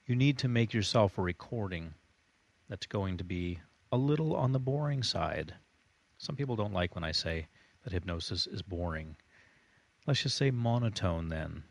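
A man working as a hypnotherapist, giving a calm, deliberate lesson on self-hypnosis. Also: sits low, gravelly, dry recording. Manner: calm, deliberate, demonstrates voice changes. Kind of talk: instructional talk on self-hypnosis.

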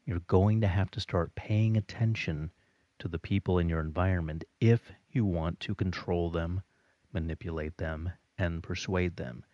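A man giving a recorded audio lesson in a slow, steady instructional delivery. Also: deep voice, no room sound, highs cut off.

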